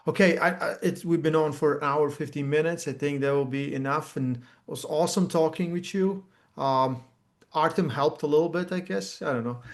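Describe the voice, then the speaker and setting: A man's voice: a little high, moderate pace. A man hosting a casual livestream, joking with his guests and reading out viewer questions. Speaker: host.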